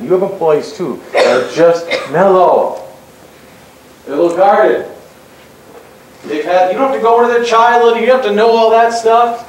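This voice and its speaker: A man's voice: high-pitched, moderate pace, pauses often. A man telling a story to an audience about his employee, in a loose conversational way with asides like "right?". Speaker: employer and co-presenter. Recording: very echoey hall, faint noise.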